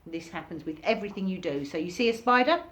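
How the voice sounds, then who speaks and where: A woman giving an informal recorded workshop lesson, talking casually and acting out reactions in sudden high bursts. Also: animated, fast talker. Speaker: workshop teacher.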